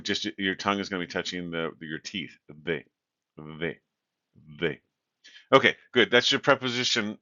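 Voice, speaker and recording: A man's voice: deep voice, bright, forceful tone, no room sound. A man teaching a Spanish grammar lecture, explaining patiently with many fillers and "right?" checks. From California. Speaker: Spanish instructor. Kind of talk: recorded lecture. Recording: dull, lo-fi sound.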